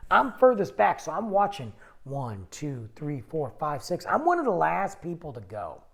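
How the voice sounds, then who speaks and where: A man hosting a podcast, telling a personal story in a rambling, animated way, often cutting himself off mid-sentence. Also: a little high, moderate pace, vocal fry. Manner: rambling, animated, self-interrupting. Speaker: podcast host. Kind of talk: casual storytelling monologue.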